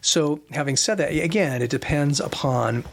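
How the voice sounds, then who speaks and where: A man's voice: on the high side, moderate pace, gravelly, a crowd in the background. A middle-aged man, a surgeon hosting a podcast, telling stories in a rambling casual way with many fillers and restarts. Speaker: plastic surgeon and podcast host. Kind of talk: casual storytelling chat.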